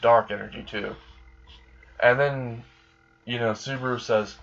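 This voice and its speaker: Brief: casual male storyteller, loose and rambling, average pitch, dull lo-fi sound. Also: fairly even intonation, unhurried, creaky, pauses often, fairly bright tone. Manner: rambling, casual, filler-heavy. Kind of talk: improvised fan story narration.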